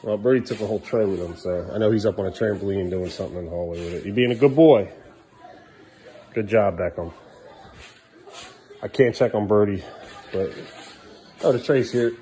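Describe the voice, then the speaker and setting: A middle-aged father chats casually to the camera at home. He scolds his sons firmly, and his voice often climbs higher when he tells them off. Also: brisk, long pauses, mellow, a little hiss or hum. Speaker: father and vlogger. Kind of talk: casual family vlog chat. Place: at home indoors.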